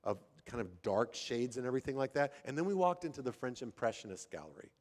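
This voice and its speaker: Older pastor preaching in a reverberant hall. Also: male voice, medium pitch, fast. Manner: conversational, animated, with frequent restarts. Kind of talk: sermon. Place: church sanctuary.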